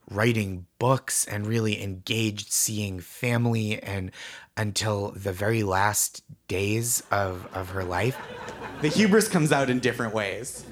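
A man being interviewed, telling warm, animated personal anecdotes with laughing asides. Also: on the low side. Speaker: comedian guest. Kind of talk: interview storytelling.

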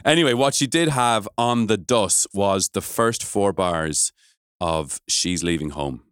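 A man's voice: on the low side, a little slow, fairly bright tone, clear, resonant tone. An Irish man hosting a radio show, chatting casually and addressing listeners as folks and lads. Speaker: radio host.

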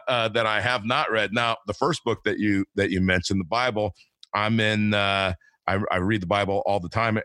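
A man's voice: fairly low pitch, fairly bright tone, no room sound. A man in his fifties hosting a podcast interview, talking in a rambling, easygoing way with lots of fillers and repeated words. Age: 50s. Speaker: podcast host. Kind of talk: casual interview chat.

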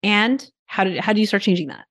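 A woman hosting a podcast interview, telling stories in an animated, casual way with lots of filler words. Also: medium pitch, fairly quick. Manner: animated storytelling, many "like" fillers. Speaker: podcast host.

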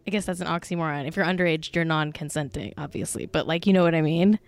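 A woman's voice: low voice, quick pace, dry recording. A woman co-hosting a casual podcast chat, gossipy and blunt, peppering her talk with "like.". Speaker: podcast co-host.

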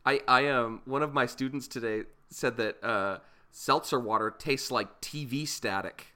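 A man's voice: mid-range voice, unhurried, sharp tone. A man co-hosting a podcast, trading loose, joking banter. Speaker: podcast co-host. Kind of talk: casual banter.

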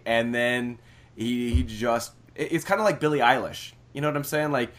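A man's voice: medium pitch, moderate pace. Chatty male podcast host. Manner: chatty, animated, repeats words. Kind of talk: casual interview chat.

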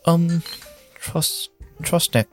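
A man's voice: fairly high pitch, extremely slow, faint music behind, pitched above the performer's own voice. A man voicing an eager young male ship engineer who stammers and gushes with thanks. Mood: flustered. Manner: stammering, gushing.

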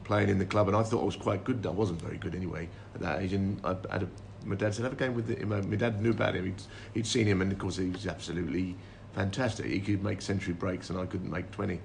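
A man's voice: deep voice, steady tone, fast, gravelly, few pauses, a little hiss or hum. A man who played snooker professionally, chatting on a podcast and telling anecdotes he laughs through. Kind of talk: casual podcast chat.

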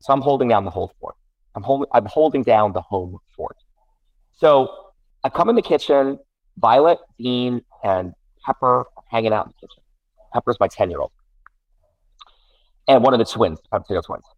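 A man's voice: medium pitch, normal speed, long pauses, no echo, highs cut off. A middle-aged man, a guest parent, telling a casual story with many restarts and self-corrections. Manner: rambling, self-correcting, animated.

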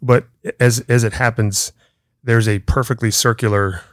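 A man's voice: medium pitch, fairly even intonation, normal speed, no echo, clean studio sound. A middle-aged man hosting a podcast, telling a story in casual chat, laughing often and acting out the voices in it. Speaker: podcast host.

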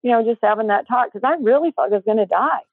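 As an interview guest, a middle-aged woman shares a heartfelt personal story, speaking fast, earnestly and breathlessly while acting out what people said. Her slightly high voice comes through a thin, phone-like line, dry and without room sound.

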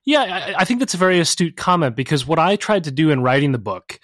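A male academic explains his research with lively energy, his voice set a bit higher than average. He restarts phrases as he thinks aloud. The recording is close and dry. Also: fast talker, no room sound. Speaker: guest, professor and author. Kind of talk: conversational interview answers.

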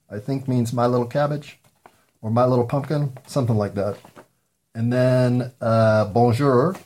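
Guy rambling on his own show, slow and drawn out, kinda high, lots of ums. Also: a little mellow. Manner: meandering, joking asides, frequent ums and pauses. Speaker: podcast host. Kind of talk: rambling solo monologue.

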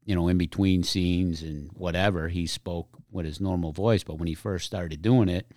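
A man's voice: sits low, fairly even intonation, normal speed, a little mellow, no room sound, clean studio sound. A man with a Chicago accent, a firefighter guest telling anecdotes with frequent laughs in casual podcast chat. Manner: laughs often, tells anecdotes loosely.

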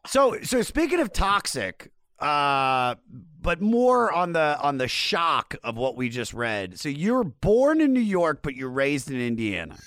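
A man's voice: a little high, very animated, a bit bright, no room sound. A male podcast host with a mid-range voice that swings up and down a lot, recorded dry and close. He jokes around and riffs between his questions. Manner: joking, quick riffing questions. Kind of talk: casual podcast chat.

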